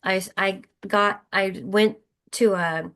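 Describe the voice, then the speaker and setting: A woman's voice: medium pitch, steady tone, slow pace, a bit bright, smooth. A middle-aged woman, a podcast guest, telling her story in an earnest, emotional way with frequent restarts. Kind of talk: conversational storytelling.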